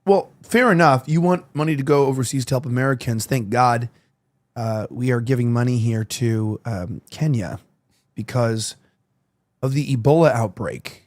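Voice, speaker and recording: A man's voice: mid-range voice, normal speed. A man hosting a casual talk show, rambling with lots of restarts and the odd swear. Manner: rambling, heavy on "like" and restarts, profane. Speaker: podcast host.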